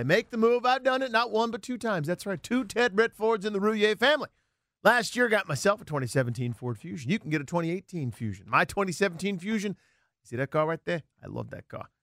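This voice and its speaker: Lively jokey male radio co-host. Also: fairly high pitch, no room sound, studio quality. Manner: jokey, punchy ad delivery. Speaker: radio sports show co-host. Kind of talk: radio sports talk and live-read ad.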